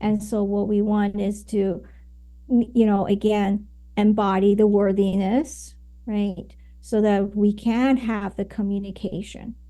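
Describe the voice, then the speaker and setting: Woman podcast guest, warm mellow voice, explains things, lots of um and right. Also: medium pitch, little pitch movement, a little slow. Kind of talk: conversational interview.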